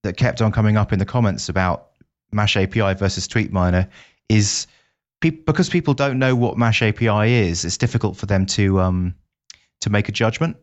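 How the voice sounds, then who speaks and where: A man's voice: lowish voice, fairly quick. A man co-hosting a podcast, chatting casually and eagerly laying out his plans. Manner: lively, eager to share plans. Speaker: podcast co-host. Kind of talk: casual chat. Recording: dull lo-fi sound.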